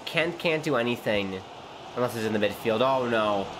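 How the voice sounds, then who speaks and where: A man hosting a gaming channel, commentating his own match with excitable outbursts at big moments. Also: mid-range voice, normal speed. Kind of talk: live gameplay commentary. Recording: noisy background hum.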